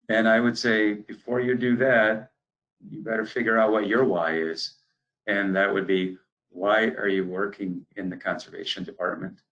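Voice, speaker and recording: Midwestern man, trainer; deep gravelly voice; earnest storyteller who restarts his sentences. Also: a bit bright, rough recording. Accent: Upper Midwestern American. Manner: anecdotal, earnest, with many "um"s and restarts. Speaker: conservation staff trainer. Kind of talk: training presentation.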